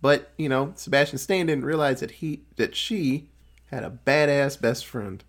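A man casually recapping a horror film as a podcast host, animated and profane, often laughing. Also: mid-range voice, measured pace.

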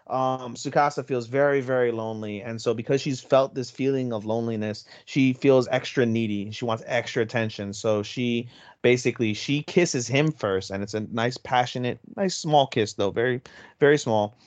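An anime podcast co-host retells an episode in casual, high-energy chat, swearing freely and slipping into Japanese phrases. His voice is medium-pitched at a moderate pace, recorded with no room sound.

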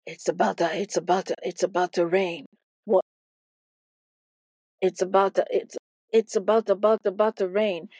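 A woman's voice: mid-range voice, level tone, moderate pace, pauses often, a little mellow, no room sound. A woman teaching a Bible lesson as playful, theatrical storytelling, often repeating words for effect.

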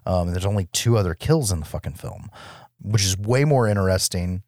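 A man's voice: deep voice, animated, fairly quick, a little mellow, no echo, clean studio sound. A man co-hosting a podcast, giving his wry, laid-back take on a horror film with some swearing. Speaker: podcast co-host. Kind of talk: casual podcast film chat.

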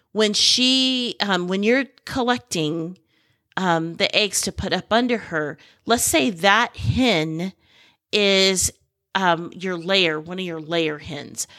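A middle-aged woman hosts a podcast in an unhurried, drawn-out way, recorded close and dry with no room sound. She rambles with excitement, restarting her sentences as she goes. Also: mid-range voice, no echo. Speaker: podcast host. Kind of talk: casual podcast talk.

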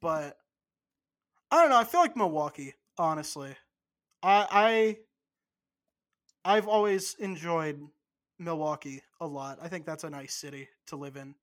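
Podcast co-host, casual chat, rambling, swears a lot, mid pitch. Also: expressive, unhurried, pauses often, a bit bright.

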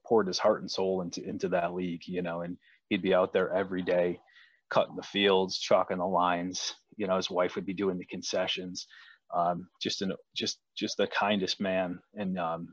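A man's voice: low-pitched, no room sound, muffled recording. A man hosting a casual chat, telling stories with frequent restarts and repeated words. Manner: storytelling, many restarts.

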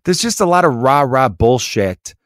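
In studio-quality audio with no room sound, a man in his mid-30s from the US riffs as a podcast host. His comedy monologue is loose, sarcastic, and full of profanity, delivered at normal speed in an expressive, mid-range voice.

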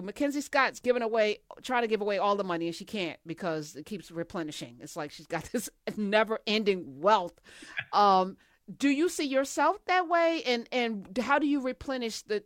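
Female host, enthusiastic and emphatic, dry close recording, mid pitch. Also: animated, normal speed, no room sound. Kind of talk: casual interview.

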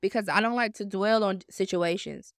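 A woman in her twenties hosting a podcast, telling her story in a blunt, profane, animated self-help monologue. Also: medium pitch, normal speed, dry recording, clean studio sound. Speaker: podcast host.

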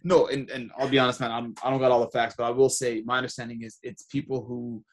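A man talks fast in casual podcast chat. He explains things in a loose way and often restarts mid-sentence. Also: medium pitch, level tone. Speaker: podcast co-host.

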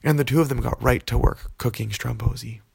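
Gravelly-voiced man telling a children's story. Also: medium pitch, fairly even intonation, fairly quick, a little mellow, no room sound. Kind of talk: children's bedtime story narration.

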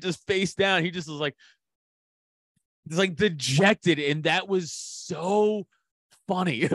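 A man's voice: a little high, a bit bright, dry recording. A man, a comedian telling profane stories on a podcast and laughing often. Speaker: comedian guest. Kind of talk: casual podcast chat.

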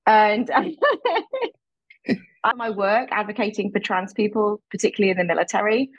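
A woman's voice: medium pitch, fairly even intonation, moderate pace, no room sound, lo-fi sound. A British woman chatting as a podcast guest, laughing often, talking over a remote call. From Britain. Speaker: guest, advocate. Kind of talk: casual podcast interview.

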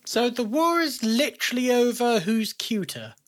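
A woman's voice: on the high side, very animated, normal speed. A woman playing a tabletop role-playing game, with dry, clarifying remarks. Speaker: player.

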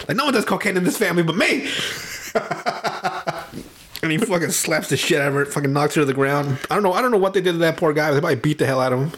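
Animated, profane man recapping movies. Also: a little high, fast. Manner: animated, profane storytelling with frequent laughter. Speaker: podcast host. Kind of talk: casual chat. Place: home. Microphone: online call.

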